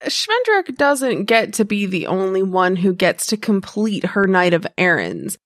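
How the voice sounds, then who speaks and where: Slow-talking, sardonic woman player. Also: mid-range voice, big pitch swings, no echo, clean studio sound. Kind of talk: tabletop role-play, in and out of character.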